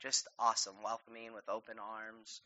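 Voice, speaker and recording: A man's voice: on the low side, monotone, moderate pace, sharp tone. A man speaking as a guest at a church gathering, casual and enthusiastic, laughing often and ending in a spoken prayer. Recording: dull lo-fi recording.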